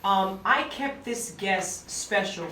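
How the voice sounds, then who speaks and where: A woman's voice: mid-range voice, expressive, takes it slowly, pushed and bright, slight background noise. A woman hosting an interview, speaking in a heartfelt, rambling way. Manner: heartfelt, rambling, says "whereas" often. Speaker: host. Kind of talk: casual interview chat. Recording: echoey room, mic at a distance.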